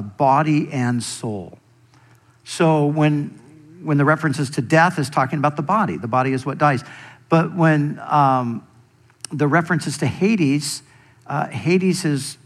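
A man preaching a sermon as pastor, speaking deliberately and giving quoted scripture extra weight. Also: a little high.

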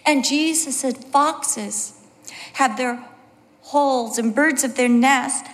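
A woman's voice: high voice, slow pace. A middle-aged woman giving a sermon as a Bible teacher, telling personal stories and acting out the quotes. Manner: personal storytelling with acted quotes. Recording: long hall reverb.

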